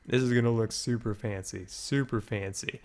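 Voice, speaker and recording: A man's voice: medium pitch, fairly even intonation, moderate pace, a little mellow. Man, game let's-play host, upbeat, chatty, thinking aloud, slightly breathless. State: a little out of breath. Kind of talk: Minecraft let's play commentary.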